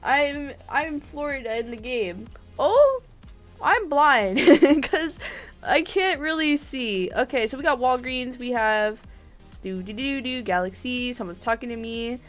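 A woman's voice: on the high side, normal speed, fairly bright tone. A woman streaming a game live, chattering playfully and giggling, with faint game music behind. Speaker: gaming streamer.

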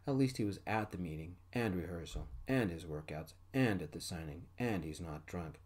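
A man softly voicing a blunt, exasperated male bandmate in an audio story. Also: low-pitched, animated, normal speed, breathy edge. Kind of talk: soft-spoken ASMR storytelling.

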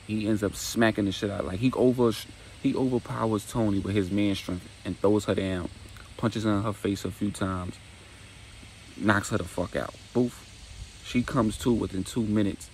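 A man's voice: on the low side, fairly even intonation, normal speed, a little mellow, slight background noise, rough recording. A man casually retelling a dramatic story, acting out dialogue and making sound effects.

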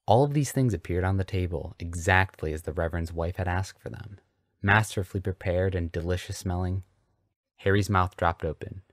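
Deep-voiced man in a mock-earnest reading. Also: normal speed, no room sound, clean studio sound. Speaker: podcast host reading fanfiction aloud. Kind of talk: comedic dramatic reading.

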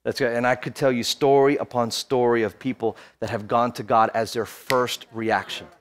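A man's voice: mid-range voice, fairly even intonation, moderate pace. A man in his thirties preaching a sermon as pastor, telling a personal story and building to fervent exhortation. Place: church, streamed online.

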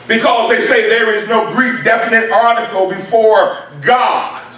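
A man preaches a sermon in a church, his voice extremely high, pushed and bright, emphatically repeating key points for stress. The room is very echoey and the mic sits far off.

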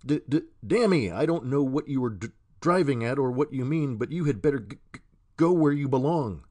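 A man's voice: medium pitch, lively intonation, moderate pace, dark tone, pitched above the performer's own voice, lightly acted. A man voicing a good-natured young male sailor who stutters badly when riled, in a storybook reading. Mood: angry.

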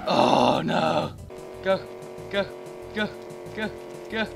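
Loud, excitable man yelling over game music. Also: on the high side, extremely slow, gravelly, long pauses. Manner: loud, profane, excitable outbursts. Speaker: gaming YouTuber. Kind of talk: game commentary.

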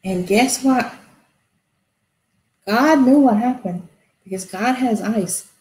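High-voiced lady telling kids a bible story, lively, echoey room. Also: slow pace. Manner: animated, asks kids questions. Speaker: children's Bible teacher. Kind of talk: storytelling to children.

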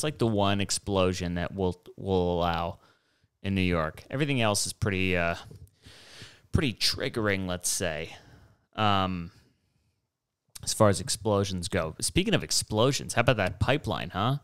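Young guy rambling on his podcast, lowish smooth voice, dry close sound, swears a lot. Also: animated, a little slow, fairly bright tone, no room sound. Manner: digressive, profane, mocking asides. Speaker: podcast host. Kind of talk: rambling solo monologue.

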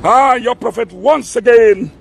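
A Nigerian man, a pastor, angrily rebuking someone in a video message, scolding and often breaking into shouts. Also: very high voice, a little slow, gravelly, slight background noise. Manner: scolding, repeatedly demands "are you hearing me"; bursts into shouting.

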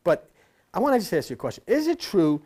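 An older man gives a rambling, folksy sermon to a live room. His voice rises and falls widely as he jokes and teases the congregation. He swings from loud asides to low murmurs. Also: sing-song, quick pace. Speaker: preacher.

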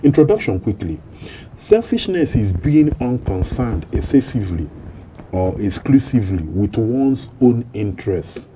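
A Nigerian man moderates a church Bible study. His voice is very deep and dark, and a faint hiss sits under it. He questions in a measured, preacherly way. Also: poor audio. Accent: Nigerian English. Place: television studio.

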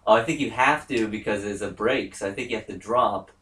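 Very deep-voiced giggly woman gamer. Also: fairly quick, a bit bright. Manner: giggly, reassuring, apologetic. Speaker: let's play co-host. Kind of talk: casual gaming chat. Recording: roomy echo, distant mic, faint hiss.

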